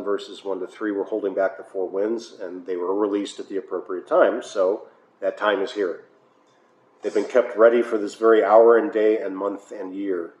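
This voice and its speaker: Speaking in a slightly mellow voice on the low side, an American pastor runs a Bible study in a church hall. He keeps it conversational, with uhs and wry asides, and the recording has room echo and faint noise.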